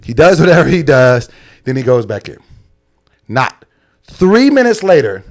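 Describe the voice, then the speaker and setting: A man's voice: mid-range voice, big pitch swings, normal speed. A young adult man telling a story in casual podcast chat, acting out quotes and laughing often. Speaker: podcast co-host.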